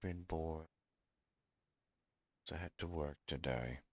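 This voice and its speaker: Laid-back man with a deep voice. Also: slow pace, dry recording, dull audio. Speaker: podcast co-host. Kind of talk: casual chat.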